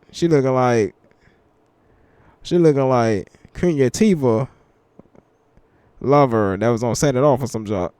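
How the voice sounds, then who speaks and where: A young man giving casual reaction commentary in relaxed slang, slowing down when he reads verses aloud. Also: medium pitch, clear, resonant tone, dry recording. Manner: laid-back slangy banter, reads scripture slowly. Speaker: commentary channel host. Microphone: headphones with mic.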